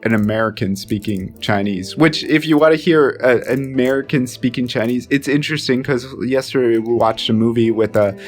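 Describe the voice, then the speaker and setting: A man's voice: fairly quick, few pauses, soft background music. Male podcast co-host, casual chatter, stumbling repeats, easy laughter. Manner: rambling, stumbles and repeats words, laughs often; mimics voices in high squeals when retelling. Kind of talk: casual chat.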